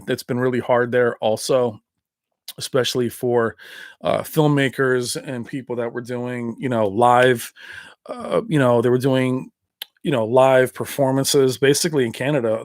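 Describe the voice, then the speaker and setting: A man's voice: mid-range voice, fairly even intonation, moderate pace, no echo, studio quality. Rambling man hosting a livestream chat. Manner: rambling, laughs often. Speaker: livestream host.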